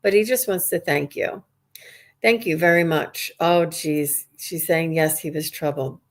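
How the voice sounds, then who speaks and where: Frau mit tiefer Stimme, ernst plaudernd. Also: female voice, low voice, unhurried. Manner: earnest, rambling, many restarts and fillers. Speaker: psychic medium. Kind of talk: live-stream reading for viewers.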